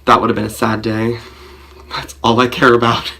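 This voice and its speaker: Guy rambling thru a storytime vlog, gravelly kinda fry-ish voice, lots of likes. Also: mid-range voice, completely flat delivery, moderate pace, sharp tone. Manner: rambling, filler-heavy, self-mocking. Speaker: vlogger.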